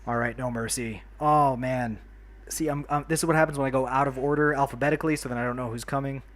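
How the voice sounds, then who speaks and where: A man's voice: medium pitch, fairly even intonation, quick pace, fairly bright tone. A man from New York hosting a casual game livestream, chatty and friendly, greeting and thanking viewers by name as he plays. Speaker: livestream host. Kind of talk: casual livestream chat while playing a city builder.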